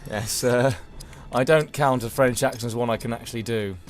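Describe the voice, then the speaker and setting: A man's voice: medium pitch, fairly even intonation, moderate pace, soft background music. A man giving chatty, self-deprecating commentary while streaming a game and answering chat. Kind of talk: casual gameplay commentary.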